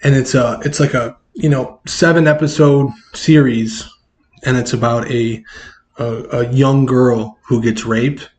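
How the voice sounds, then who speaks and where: A man's voice: medium pitch, fairly even intonation, a little slow, a little mellow. A man speaking as a podcast guest in casual chat, earnest and reflective, searching for his words as he talks.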